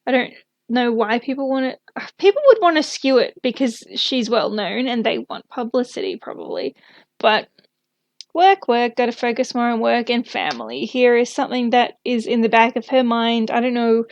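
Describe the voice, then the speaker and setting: A woman's voice: on the high side, normal speed, no echo, muffled recording. A young woman giving a casual tarot reading, thinking aloud with lots of fillers and small laughs. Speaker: tarot reader.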